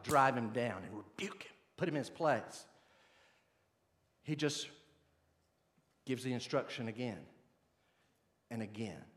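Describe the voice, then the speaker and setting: A man preaching a sermon in a folksy, animated, conversational way. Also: mid-range voice. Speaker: pastor.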